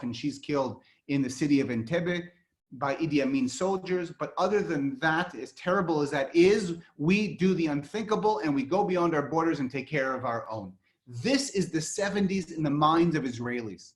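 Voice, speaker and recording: A man's voice: a little high, moderate pace. A man giving an online history lecture over a video call, telling events as an emphatic story.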